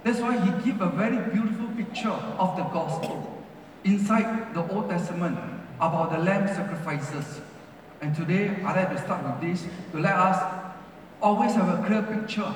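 A male pastor preaches in a high, ringing voice, leaning on repeated phrases that rise and fall. His English has non-native grammar. He is heard from a distance in a large, very echoey church hall. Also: normal speed, a little hiss or hum. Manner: rising and falling emphasis, repeats phrases. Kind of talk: sermon.

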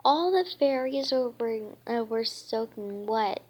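A woman's voice: fairly high pitch, animated, slow pace, darkish tone, low-quality recording. A woman reading a children's book aloud, stumbling and restarting often. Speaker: reader.

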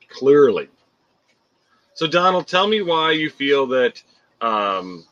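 A man hosts a live podcast in a bright, animated voice that swings up and down. He chats loosely with his co-host, jokes and swears freely. The audio is dull and lo-fi. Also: medium pitch. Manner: joking, laughs often, swears casually. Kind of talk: casual chat reading viewer comments.

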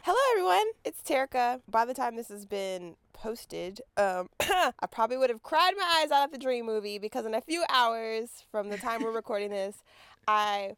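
A young woman co-hosting a casual podcast, excited and a little wry. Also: fairly high pitch, normal speed, smooth, no room sound, clean studio sound. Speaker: podcast co-host. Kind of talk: casual chat.

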